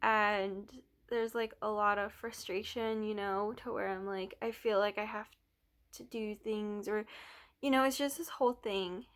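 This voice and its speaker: A young woman, an art student, rambling softly in a casual vlog with many fillers, a little out of breath. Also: medium pitch, fairly even intonation, measured pace.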